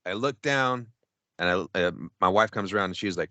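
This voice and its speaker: Here a man with a low voice speaks at a normal pace in a room with no audible reverb. Co-hosting a podcast, he tells a meandering, profane story in relaxed chat, lively and acting out his own lines.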